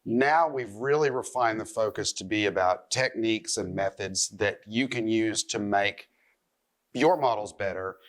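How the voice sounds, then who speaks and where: Low-voiced man explaining at a seminar. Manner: measured, explanatory, occasional "uh" and "like". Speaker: magazine editor presenting a seminar. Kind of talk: live seminar talk to an audience. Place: convention seminar room.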